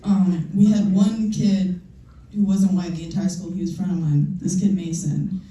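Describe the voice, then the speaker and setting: A woman's voice: lowish voice, fairly even intonation, normal speed, mellow. A young woman performing a stand-up comedy set, telling self-mocking stories in a loose, conversational way. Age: young adult. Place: live comedy show in a room. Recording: echoey room, mic far off, noisy.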